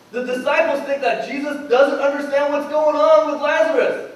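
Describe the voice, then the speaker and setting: A man's voice: very high-pitched, flat delivery, moderate pace. A man preaching a sermon as pastor, telling a story and acting out the voices of its people. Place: church hall. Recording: echoey hall from far off, faint noise.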